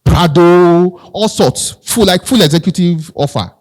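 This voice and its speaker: A man's voice: sits high, measured pace, a little mellow. A man with a Nigerian accent giving a live motivational talk, conversational, repeating phrases and asking the audience questions. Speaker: motivational speaker.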